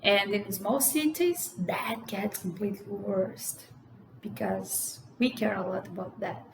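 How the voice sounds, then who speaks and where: A woman's voice: mid-range voice, a little slow, gravelly. A young woman from Brazil with a Brazilian Portuguese accent, chatting casually to camera in English and filling her talk with "like" and "you know". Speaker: vlogger. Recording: echoey room with faint ambient noise.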